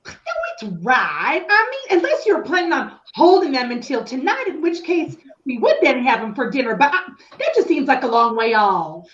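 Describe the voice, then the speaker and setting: A woman's voice: high voice, sing-song, lo-fi sound. Woman playing a pedantic cactus. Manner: slow, correcting, sarcastic. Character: pedantic, prickly female cactus. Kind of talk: stage play acting.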